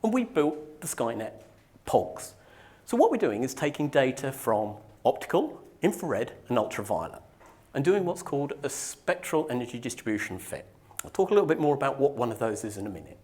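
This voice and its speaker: A man's voice: mid-range voice, big pitch swings, brisk, darkish tone. A man from Norfolk, giving a technical conference talk to a live audience in a joking, self-deprecating way. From Norfolk, England. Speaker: conference speaker.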